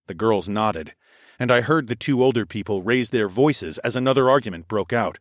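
A man narrating a first-person story in a wry tone, dropping to a hush on the narration tags. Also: lowish voice, expressive, normal speed, no echo, clean studio sound. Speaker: audiobook narrator.

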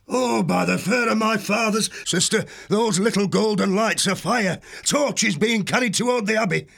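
Man voicing an urgent, gravelly young abbey creature. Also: high-pitched, moderate pace, a bit bright, voice pushed up, heavily acted. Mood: alarmed. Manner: urgent, alarmed.

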